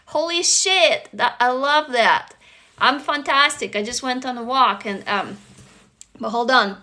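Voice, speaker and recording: A woman from Russia, hosting a casual livestream chat, gushing and excitable, swearing freely. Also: on the high side, a little slow. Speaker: livestream host.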